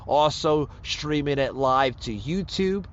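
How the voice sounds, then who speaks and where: A man's voice: a little high, lively intonation, takes it slowly. A male podcast host, a little out of breath, rambling through a casual sign-off full of plugs and fillers. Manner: loose, rambling, repeats itself with fillers. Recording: slightly muffled lo-fi recording.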